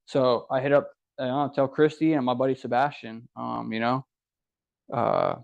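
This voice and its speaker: A man's voice: mid-range voice, normal speed, gravelly. A young adult man from Ohio, a podcast guest, tells his story casually and acts out what others said. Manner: animated, acts out quoted dialogue. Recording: dull lo-fi podcast audio.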